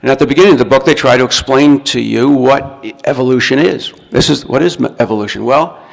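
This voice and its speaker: A man with a gravelly, mid-range voice speaks fast while giving a recorded lecture, walking listeners through each step and frequently starting his words over. The hall he's in leaves a long trail of reverb.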